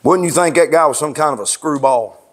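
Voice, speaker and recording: A male pastor preaching a plainspoken, fervent sermon, swinging from low talk to raised shouts. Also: a little fast. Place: church.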